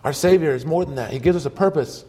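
A man's voice: fairly high pitch, fast talker, dark tone. A man preaching a sermon, telling stories earnestly in short emphatic phrases.

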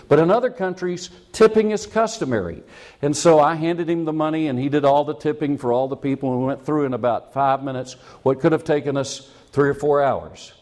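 A man's voice: on the high side, darkish tone. A male preacher with a slightly raised voice that swoops up and down as he talks. He tells a story from his own life in a chatty, self-mocking way. He often chuckles at his own jokes before he turns to the lesson. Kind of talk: sermon with a personal story.

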